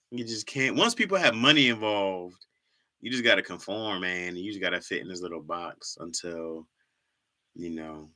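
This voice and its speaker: A man's voice: low voice, sharp tone. A young man from Michigan hosting a casual livestream, reading viewer comments in loose slang and laughing often. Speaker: livestream host.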